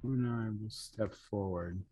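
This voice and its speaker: A man playing in a casual tabletop game, with a gravelly voice. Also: fairly low pitch, slow pace, mellow, soft background music. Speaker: player.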